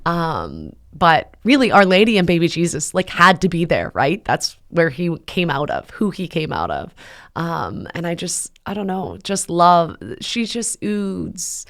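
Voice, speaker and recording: A woman in her thirties hosting a faith talk, telling a personal story in a rambling, heartfelt way with many pauses and fillers. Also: on the low side, sing-song, a bit bright. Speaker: podcast host. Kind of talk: casual personal testimony.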